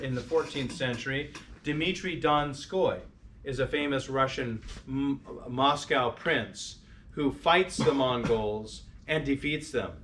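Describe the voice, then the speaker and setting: A man's voice: medium pitch, a bit bright, slight background noise. A man giving an informal history lecture to a parish group, talking conversationally with restarts and questions to the listeners. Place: parish hall or church.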